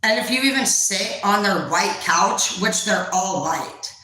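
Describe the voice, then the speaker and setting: Young woman tarot reader, crude and rambling, bright tone, very echoey room. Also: medium pitch, animated, measured pace. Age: young adult. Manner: profane, blunt, rambling. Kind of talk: casual vlog reading.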